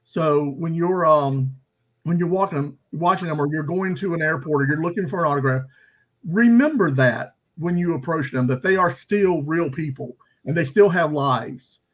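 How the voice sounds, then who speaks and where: A man hosting a podcast, telling a personal story in a chatty, animated way with frequent fillers. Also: fairly high pitch, moderate pace, rough recording. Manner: animated anecdote-teller with many fillers. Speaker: podcast host. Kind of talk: casual storytelling.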